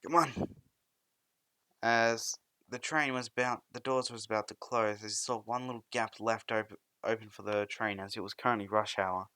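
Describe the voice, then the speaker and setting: A young man tells a fan-fiction story in a rambling, improvised way, full of restarts. His voice is bright and forward. The recording is dry and close. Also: on the low side, flat delivery, moderate pace, few pauses, smooth, dry recording.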